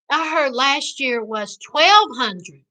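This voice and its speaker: A woman with a Southern US accent hosting a casual live recap, reading chat aloud and riffing in a sassy, animated way. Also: high-pitched, low-quality recording. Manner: sassy, animated, calls viewers child and honey. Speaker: livestream host reading chat.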